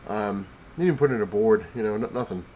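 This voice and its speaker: A man's voice: lowish voice, racing, a little mellow, slight background noise. Sick, breathless man rambling about comics. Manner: rambling, full of fillers and restarts. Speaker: comic collector vlogger. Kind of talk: casual rambling vlog. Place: home, on the couch.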